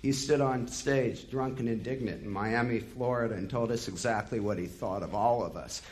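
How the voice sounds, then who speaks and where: A man's voice: medium pitch, moderate pace. Male storyteller, mid-range voice; bitter, profane, impassioned first-person monologue.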